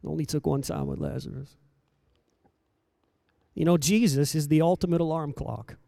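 A man preaching a sermon in a rhythmic, repetitive cadence, swinging between hushed lines and loud emphatic calls. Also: a little high, fairly even intonation, normal speed, gravelly, no room sound.

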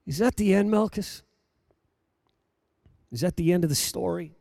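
A man preaching a sermon to a congregation, dropping to a hush and then rising loud, repeating rhetorical questions. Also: sits high, expressive, normal speed, gravelly, pauses often, no room sound, clean studio sound. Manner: dramatic preaching, swings between hushed and loud.

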